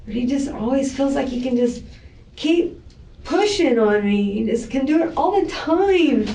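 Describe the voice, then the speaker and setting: A woman's voice: sits high, animated, a little slow, creaky, dark tone, distant mic. Woman venting in a police interview. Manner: rambling, defensive venting. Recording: echoey room, voice from afar.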